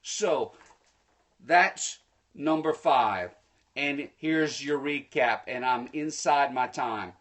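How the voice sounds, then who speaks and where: A man giving a live-streamed motivational talk, preachy and energetic, speaking to viewers through a phone. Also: medium pitch, takes it slowly. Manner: energetic, preachy, bursts into excited shouts; folksy, addresses viewers directly. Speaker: motivational speaker hosting a livestream.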